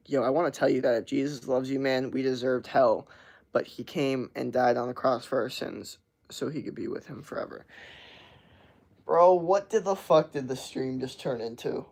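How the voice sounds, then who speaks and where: With a gravelly voice touched by vocal fry, a young male streamer riffs loosely on chat messages and swears as he goes. He speaks at a moderate pace in an ordinary middle pitch, a little mellow, keeping a casual live-chat tone throughout.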